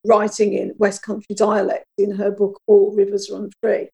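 A woman's voice: mid-range voice, monotone, moderate pace, creaky, dark tone, low-quality recording. A woman hosting a casual discussion, chatty and emphatic, putting questions to her guests. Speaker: podcast host.

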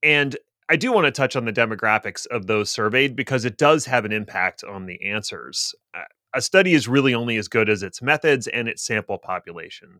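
A man's voice: medium pitch, fairly bright tone, no room sound. A man co-hosting a casual tech podcast, explaining things at length with dry, self-deprecating humor. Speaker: podcast co-host.

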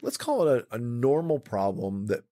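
Animated male podcast host. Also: mid-range voice, moderate pace, dry recording, clean studio sound. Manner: animated, theatrical, breaks into grand mock voices. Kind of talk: casual podcast chat.

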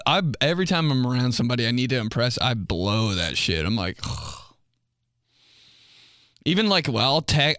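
A young male comedian rambles through a podcast monologue, cursing freely and mocking himself. He jumps into quick voices as he acts out his own lines. His voice sits at a middle pitch and sounds dry and close to the mic. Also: a bit bright, dry recording. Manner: rambling, profane, self-mocking, acts out quotes.

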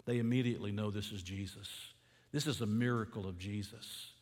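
A male pastor preaches a sermon, reading scripture and asking the listeners questions, getting loud and then dropping low and quiet. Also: fairly even intonation, fairly quick. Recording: long reverb of a church hall.

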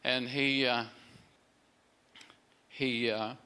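A man's voice: mid-range voice, little pitch movement, drawn-out words, sharp tone, smooth. Rambling middle-aged man telling a faith story. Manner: rambling, repeats words, acts out quoted people. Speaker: storyteller sharing a faith testimony. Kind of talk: casual spoken testimony.

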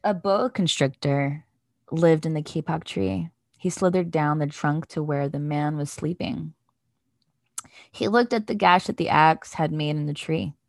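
A woman podcast host reading a children's picture book aloud in a gentle, measured way. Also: low-pitched, creaky, dry recording, clean studio sound.

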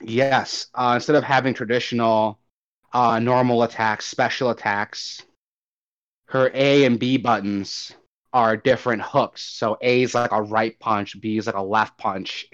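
A man's voice: medium pitch, a little slow. Rambling young man, lo-fi audio. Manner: rambling, animated, swears casually. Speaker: podcast co-host. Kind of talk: casual gaming chat. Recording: dull lo-fi audio.

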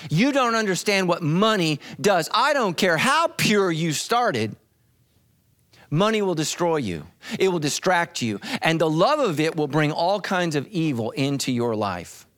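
Male pastor, sermon delivery, dramatic and animated, lively high voice. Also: unhurried.

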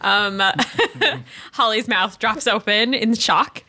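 A woman's voice: medium pitch, slow, pushed and bright. A woman playing a character in a tabletop role-playing game, playful and giggly. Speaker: player.

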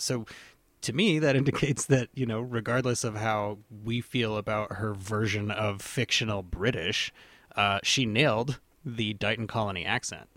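A man hosting a podcast in a casual, animated way, laughing often and acting out lines he quotes. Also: medium pitch, normal speed, no echo. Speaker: podcast host. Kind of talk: casual chat.

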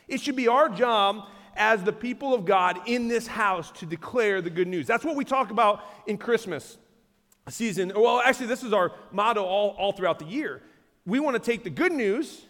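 A man, a pastor preaching a sermon in a conversational, animated way with asides to the congregation. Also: high-pitched, in a large hall. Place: large church auditorium.

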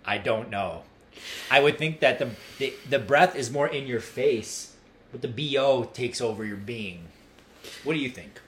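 A man's voice: medium pitch, unhurried, fairly bright tone, slight background noise. An American man co-hosting a casual comedy podcast, musing and joking in an easygoing way. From United States. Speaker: podcast co-host.

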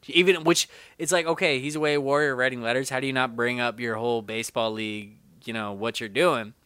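A man hosting a casual movie podcast, animated and opinionated, swearing now and then. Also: medium pitch, fairly quick, clean tone, no echo. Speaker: podcast host.

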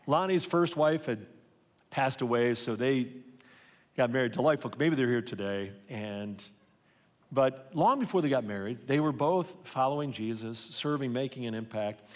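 A man's voice: medium pitch, a little slow. Earnest man preaching in a reverberant hall. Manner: earnest, personal storytelling with many restarts. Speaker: pastor. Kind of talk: sermon. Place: large church hall. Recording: live sermon with long hall reverb.

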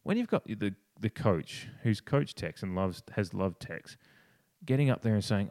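A man's voice: very animated, measured pace, warm tone, no room sound. A man on a casual podcast, talking with passion and swearing, often restarting his sentences. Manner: passionate, swears, restarts and mimics others in a higher voice. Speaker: podcast co-host. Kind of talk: casual opinionated podcast talk.

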